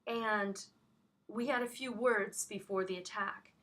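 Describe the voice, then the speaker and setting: A woman's voice: mid-range voice, steady tone, takes it slowly, fairly bright tone. A woman giving an emotional first-hand account of an incident, speaking urgently with frequent restarts. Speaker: witness recounting an incident.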